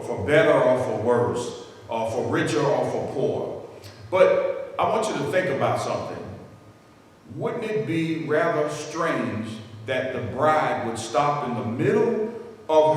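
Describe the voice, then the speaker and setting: A man preaching a sermon as pastor, slow and deliberate, with frequent fillers and repeated phrases. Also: medium pitch, animated. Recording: echoey hall, voice from far off the mic.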